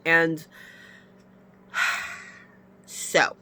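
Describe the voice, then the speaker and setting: A woman's voice: very slow, pushed and bright. Tearful woman venting, stuffy-nosed. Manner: emotional, frank venting with sighs. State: stuffy nose from crying. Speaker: vlogger. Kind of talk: casual confessional vlog.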